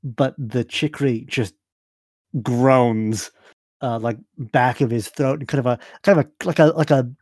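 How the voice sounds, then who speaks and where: A man's voice: medium pitch, steady tone, measured pace, darkish tone, no room sound, studio quality. A man narrating a tabletop game as game master, often hesitating and searching for words.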